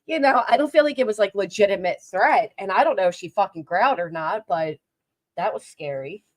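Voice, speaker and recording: Blunt, lively woman reacting to a stream. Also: medium pitch, fairly quick, dry recording. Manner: laughing, blunt and sarcastic. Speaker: drama commentary host. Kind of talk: casual reaction commentary.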